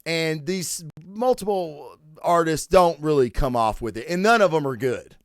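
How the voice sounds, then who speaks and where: A man's voice: fairly high pitch, expressive, dry recording, clean studio sound. A man hosting a comic book review podcast, talking in a loose, profane, joking way and acting out scenes. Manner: loose, profane, jokey, quick to act out scenes. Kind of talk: casual comic review chat.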